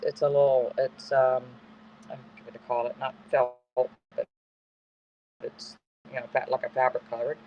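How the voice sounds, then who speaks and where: A middle-aged man hosting a live-stream auction from his home, chatting casually in a rambling, self-correcting way. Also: medium pitch. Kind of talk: casual live-selling chat. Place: home in the woods. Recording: dull lo-fi phone stream with faint background noise.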